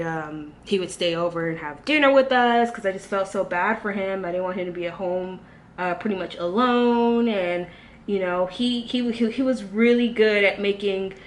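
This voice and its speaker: A woman's voice: mid-range voice, moderate pace, a little hiss or hum. A young woman vlogger telling a personal story in casual chat, candid and rambling, with many fillers and restarts.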